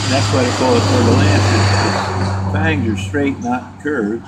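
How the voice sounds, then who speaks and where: A man's voice: medium pitch, steady tone. An older man reminiscing in a casual interview, rambling through his stories with many restarts. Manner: rambling, restarts often, drawn-out storytelling. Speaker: interviewee telling war stories. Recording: home recording with noticeable background noise.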